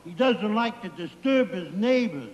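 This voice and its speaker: A man's voice: high voice, lively intonation, unhurried, highs cut off. An actor playing a goofy, simple-minded man who tells silly jokes in a giggly, sing-song way, from a 1960s TV comedy sketch. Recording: old broadcast with reverb and hiss.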